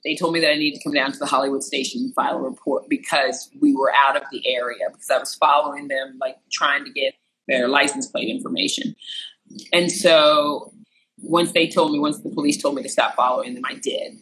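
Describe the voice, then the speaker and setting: Bright-voiced storyteller from rural Missouri. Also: fairly quick, poor audio. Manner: animated, acts out quotes with sharp jumps in pitch. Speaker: entertainment interviewer. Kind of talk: personal storytelling.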